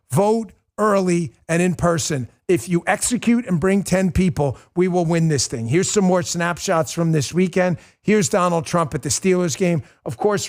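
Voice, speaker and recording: A man in his forties hosting a live political stream, blunt and emphatic, ranting at viewers. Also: on the high side. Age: 40s. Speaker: political show host.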